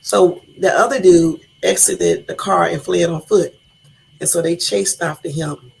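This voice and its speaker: A woman's voice: lowish voice, a little slow, vocal fry, a little mellow, slightly rough. A woman hosting a casual live stream, chatty, laughing at her own stumbles and talking to her viewers directly, with a Californian accent. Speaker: livestream host.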